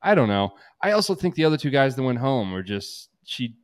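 A man's voice: mid-range voice, sing-song, a little fast. A young man co-hosting a podcast, chatting casually about a reality dating show in a dry, blunt, sarcastic way. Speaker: podcast co-host. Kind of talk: casual reality TV recap chat.

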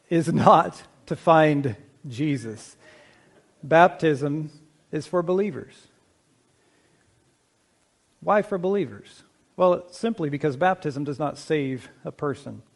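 This sermon comes from a middle-aged male pastor with a fairly high-pitched voice. Measured and conversational, he slows to stress key ideas and questions his congregation directly.

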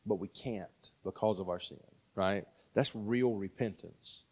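This thirtysomething pastor has a lowish, darkish voice with a breathy edge, and he speaks a little slowly. His sermon echoes through a large hall, casual in tone and dotted with frequent "right?" asides.

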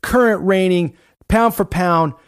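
A man's voice: sits high, measured pace, smooth, no room sound, clean studio sound. Man hosting a sports talk show. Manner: steering the talk, asking questions. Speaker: host.

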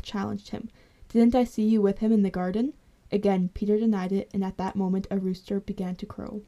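A woman narrating a scripture passage in a steady, measured reading. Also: medium pitch. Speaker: scripture reader.

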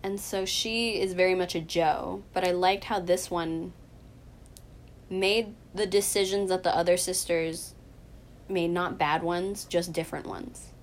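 A woman's voice: lowish voice, steady tone, measured pace, a little hiss or hum. Bubbly young woman gushing in casual chat. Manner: bubbly, gushing, lots of laughter and fillers.

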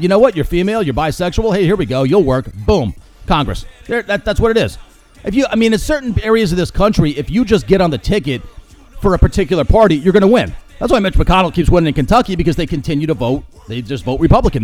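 On his solo podcast, a man whose voice sits on the high side and sounds a little mellow delivers opinionated commentary, sarcastically ranting about and mocking current events.

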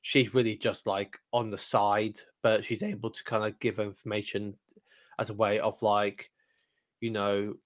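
A man's voice: on the low side, little pitch movement, unhurried. A man co-hosting a podcast review, chatting casually with many fillers and restarts. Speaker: podcast co-host.

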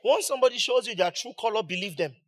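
A high-voiced male pastor, the regular preacher for his congregation, gives a sermon that drives home its points through rhetorical questions and mounting emphasis. He talks quickly, with lively intonation.

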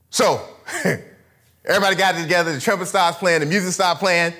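A man preaching a sermon, retelling a Bible story with lively storytelling and casual slang. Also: sits high, a little fast. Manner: animated storytelling, acts out characters in casual slang.

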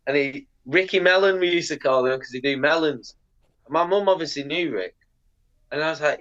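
An English pro skateboarder, guesting on a podcast, talks in a mid-range voice at a moderate pace, and the recording sounds muffled. He tells casual interview stories, swearing freely and animatedly acting out the voices of the people in them.

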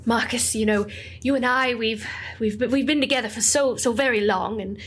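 A woman voicing an anxious, emotional male halfling in a tabletop game, speaking in a breathy, halting voice with sighs. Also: a little high, fairly bright tone. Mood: nervous tender. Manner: breathy, halting, sighing delivery.

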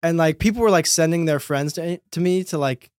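A man's voice: on the high side, fairly quick, no echo, clean studio sound. A man telling laid-back, swear-filled comedic stories in casual podcast chat, laughing along.

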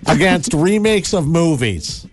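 A man's voice: a little high, very animated, a little slow, music in the background. A man co-hosting a casual chat, joking and trying out mock voices.

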